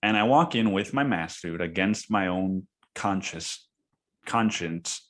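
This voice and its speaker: A young man with a fairly low voice tells a story on his podcast in loose, slangy chat. He swears often and keeps saying dude and man. When he quotes other people he jumps into high, shouted voices. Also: slow pace. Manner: profane, slangy, says dude and man a lot; acts out quoted voices with sudden high yelling. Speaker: podcast host. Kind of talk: casual storytelling monologue.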